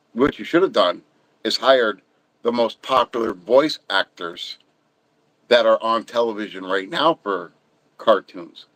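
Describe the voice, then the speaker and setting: A man's voice: mid-range voice, fairly bright tone, dry recording, poor audio. A middle-aged man hosting a livestream, chatting casually and ranting bluntly about his opinions. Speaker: livestream host.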